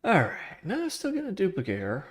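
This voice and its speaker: A man streaming himself coding a trading tool, chatting loosely with slang and laughs, then muttering quietly to himself as he works. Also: sits high, huge pitch swings, fairly quick. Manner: slangy, with laughs between phrases. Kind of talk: casual live-coding chat.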